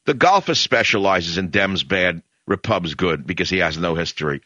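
A male talk radio host with a low voice and a hard, pushing edge delivers a combative, sarcastic monologue. The broadcast sound is dry and a little muffled. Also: lively intonation, moderate pace, hardly any pauses, bright, forceful tone, no room sound.

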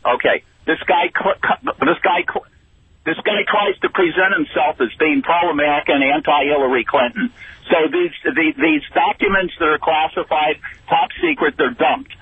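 A man calling into a talk radio show, halting and stammering as he makes his point. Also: on the high side, breathy edge, no echo. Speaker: caller. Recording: tinny phone line.

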